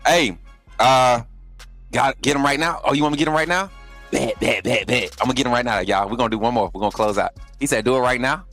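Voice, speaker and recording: Fast and a bit bright, this man's mid-range voice carries a loose, chatty live stream where he talks to his chat. He later pretends to be a courteous recruiting coach while prank-calling someone. Soft music plays in the background.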